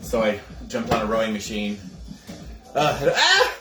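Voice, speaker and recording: A man's voice: fairly low pitch, wildly swooping pitch, a little slow, echoey room, over music. A man hosting a casual livestream cocktail show from his home kitchen, chatting with viewers, greeting them by name and laughing often.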